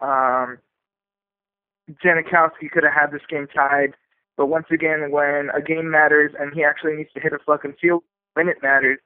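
A frustrated man calls in over a tinny phone line, high-pitched and swearing freely. His rant is emphatic and angry, with a dry, close sound. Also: level tone, normal speed, no echo. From El Centro, California. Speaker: fan caller.

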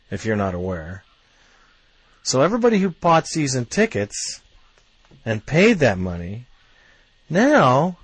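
A man ranting as a fan commentator, blunt and quick to swear, working himself up into heated outbursts. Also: mid-range voice, dry recording.

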